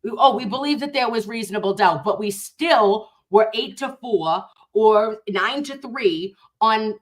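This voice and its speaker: A young woman doing casual commentary on news clips, speaking to her audience in an animated, emphatic way. Her voice sits at an ordinary middle pitch. Her delivery stays chatty and direct. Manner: animated and emphatic, talks straight to viewers. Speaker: commentary host.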